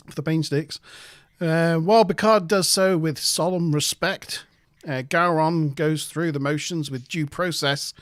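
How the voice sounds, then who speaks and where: A man's voice: fairly high pitch, a bit bright, dry recording, studio quality. A man co-hosting a live review show, recapping an episode in casual chat with hesitant fillers. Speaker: podcast co-host.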